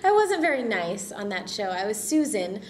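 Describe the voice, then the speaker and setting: A woman's voice: medium pitch, big pitch swings, normal speed, a little hiss or hum. A woman actress answering interview questions casually, upbeat, friendly and enthusiastic.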